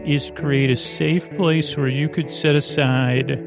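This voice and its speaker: A man hosting a bedtime podcast, talking slowly in a meandering way with lots of filler words and tangents. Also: on the high side, fairly even intonation, music in the background. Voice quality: creaky. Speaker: podcast host. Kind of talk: rambling bedtime talk.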